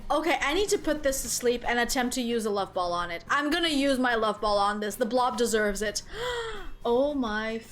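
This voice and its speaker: High, lively woman game streamer. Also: brisk, few pauses. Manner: chatty and rambling, heavy use of "like"; excitable, squeals with delight. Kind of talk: casual gameplay commentary.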